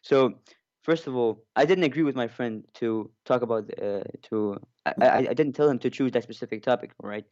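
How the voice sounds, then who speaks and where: A man's voice: medium pitch, brisk, darkish tone, no echo. A man calling in to a debate, insistent, repeatedly saying hold on and talking over the host. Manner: insistent, keeps cutting in with "hold on". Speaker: caller. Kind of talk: argumentative call-in debate. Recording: dull dry call audio.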